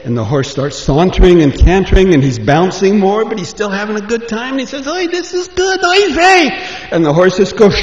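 A man gives a guest sermon and tells his story with lively energy. His voice sits slightly high and bounces up for the characters. The sound is roomy and boomy, with a dull, muffled tone. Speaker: guest speaker, ministry chaplain. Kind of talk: joke-telling preacher's talk. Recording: echoey hall, dull lo-fi sound.

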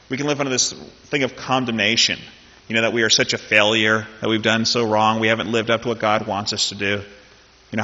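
Male pastor, chatty sermon delivery, husky voice in a dull, echoing church hall. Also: fairly low pitch, sharp tone. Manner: conversational, joking asides, repeats phrases. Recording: dull lo-fi sound in a reverberant hall.

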